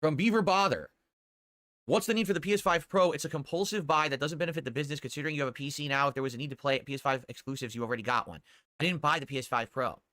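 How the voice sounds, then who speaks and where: Fast bright-voiced rambling man. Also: a little high, dry recording, studio quality. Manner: rambling, repeats himself. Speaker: livestreamer. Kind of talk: casual stream chat, reading viewer tips.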